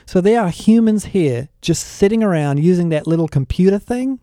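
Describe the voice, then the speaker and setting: A man's voice: sits high, lively intonation, normal speed, mellow, no room sound, studio quality, pitched above the performer's own voice. A man voicing a puzzled teenage girl with an incredulous, questioning manner.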